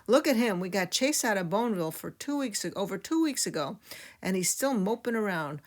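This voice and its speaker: A woman voicing a small male cartoon creature who grumbles loudly and quickly about his cousin. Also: medium pitch, expressive, lightly acted. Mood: grumbling.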